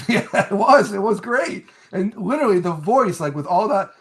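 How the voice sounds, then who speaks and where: A man's voice: sits high, moderate pace. Man from New Jersey, interview guest, chatty storyteller who repeats himself. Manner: rambling, repeats words, animated when telling stories. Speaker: guest, former pro wrestler.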